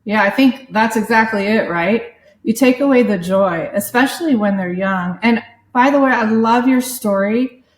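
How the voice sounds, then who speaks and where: A woman's voice: fairly high pitch, moderate pace. A woman guest on a podcast, speaking reflectively with frequent hesitations. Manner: reflective, hesitant, many fillers. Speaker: guest, sports parenting website founder. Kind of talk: casual conversational interview. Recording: echoey room.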